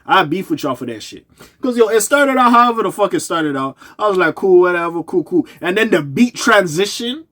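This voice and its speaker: A man giving a casual, candid album review, talking in profane slang and getting animated when something excites him. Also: high voice, a little fast. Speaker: music reviewer.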